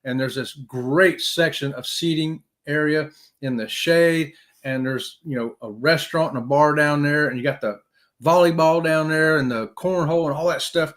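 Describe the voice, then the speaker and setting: Male stream host, fairly high voice, talkative, joking, shouting out viewers. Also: moderate pace. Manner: chatty, jokey, greets viewers by name. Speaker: host of a live cruise chat stream. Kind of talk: casual live-stream chat.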